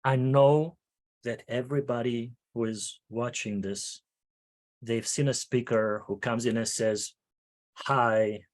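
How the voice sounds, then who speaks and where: A man hosting a casual interview about public speaking, talking in an animated way and often repeating words as he starts a thought. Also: medium pitch, a little slow. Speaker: host.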